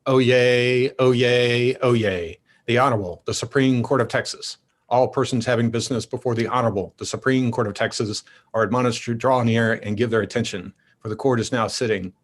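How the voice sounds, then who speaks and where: A male court officer opens the session with a traditional ceremonial cry. His voice is of ordinary pitch, and he gives each phrase a formal, declamatory cadence. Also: fairly even intonation, moderate pace. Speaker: court marshal.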